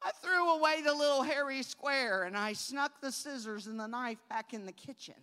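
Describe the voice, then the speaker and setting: High-voiced woman preaching, hall echo. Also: moderate pace. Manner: shifts from soft storytelling to loud preaching. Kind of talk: storytelling sermon.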